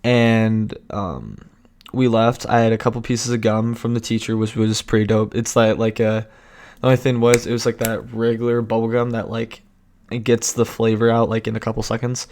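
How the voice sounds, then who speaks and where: A man's voice: fairly low pitch, level tone, moderate pace, a little mellow. A young man vlogging a casual storytime, rambling and cutting himself off, laughing often.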